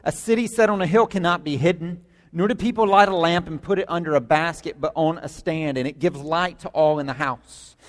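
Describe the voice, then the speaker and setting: A man's voice: a little high, fairly quick. A man preaching a sermon as pastor, emphatic, repeating words for stress, in a church sanctuary. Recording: long hall reverb.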